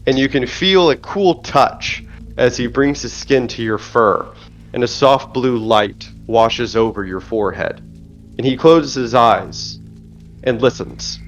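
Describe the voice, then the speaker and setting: A man runs a tabletop game, narrating in a steady, descriptive way. His voice sits at a middle pitch. The audio is dull and lo-fi, with faint music playing underneath. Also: a little slow. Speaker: game master.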